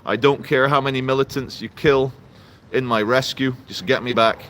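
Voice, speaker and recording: A man livestreaming outdoors, ranting and greeting viewers in the chat with lively energy. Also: medium pitch, normal speed. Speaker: livestream host. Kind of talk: live-streamed political rant. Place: outdoors in a town. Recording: faint outdoor traffic noise.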